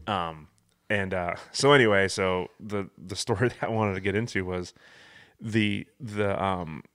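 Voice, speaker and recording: A man's voice: sits low, a little slow, fairly bright tone. A man hosting a podcast, telling a story in a casual chat, laughing often and acting out the sounds of what happened. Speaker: podcast host.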